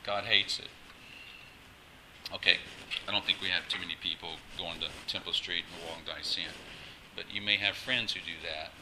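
A man's voice: deep voice, fairly even intonation, moderate pace, long pauses, background noise. A male pastor preaching a sermon, emphatic and exhorting, often restarting his phrases.

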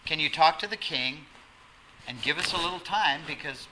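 A man preaching a sermon as pastor, animated, acting out quotes and dropping to a soft voice for emphasis. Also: fairly high pitch, normal speed. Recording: noisy sermon recording.

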